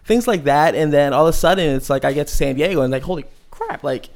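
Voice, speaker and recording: A man's voice: fairly high pitch, fast, gravelly, a little mellow. A man in his thirties from Maryland, a podcast guest chatting casually with many fillers and laughs. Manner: rambling, lots of fillers and laughs. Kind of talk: casual interview chat.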